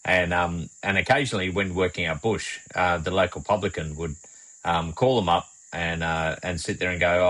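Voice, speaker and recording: A man co-hosting a podcast, telling a story in a halting way with many fillers. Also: sits low, steady tone, sharp tone, poor audio. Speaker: podcast co-host, former police officer. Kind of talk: casual podcast chat.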